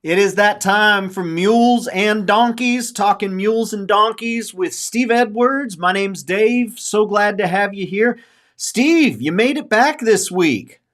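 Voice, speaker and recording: A man's voice: high voice, a little slow, fairly bright tone. A man in his forties hosting a casual podcast, talking earnestly and openly about his feelings, circling back and repeating himself as he goes. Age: 40s. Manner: earnest, openly emotional, rambling with repeated phrases. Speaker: podcast host.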